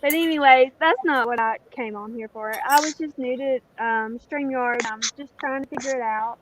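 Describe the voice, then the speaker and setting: A woman with a Southern US accent chatting casually on a live stream call, folksy and quick to laugh. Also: high voice, a little hiss or hum, rough recording. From American South. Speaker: guest caller. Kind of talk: casual chat.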